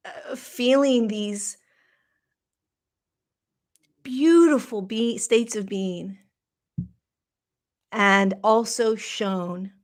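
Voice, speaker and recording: A middle-aged woman hosting a podcast, speaking slowly in a reflective spiritual monologue, halting and emotional as she searches for words. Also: a little high. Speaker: podcast host.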